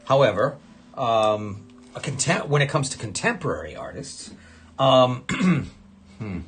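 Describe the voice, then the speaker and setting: A middle-aged man hosting a casual livestream while signing cards, chatty and enthusiastic, with sudden loud exclamations. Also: mid-range voice, very animated, takes it slowly, husky. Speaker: fantasy artist hosting a livestream.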